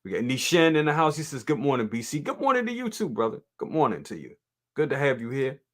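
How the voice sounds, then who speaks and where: Speaking quickly in a mid-range, fairly bright voice with big swings in pitch, a man runs a live toy review stream. He chats casually with viewers, reads their comments aloud, repeats himself a lot and laughs easily.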